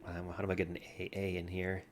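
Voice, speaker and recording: A man's voice: low voice, completely flat delivery, fast talker, slight background noise. A man vlogging casually at home with a soothing, easygoing voice, chatting while playing a word game and talking to his cat. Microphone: computer mic from farther back than usual.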